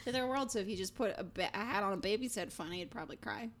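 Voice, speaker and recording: A woman's voice: medium pitch, expressive, very fast. A woman co-hosting a casual podcast chat, teasing and arguing playfully. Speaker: podcast co-host.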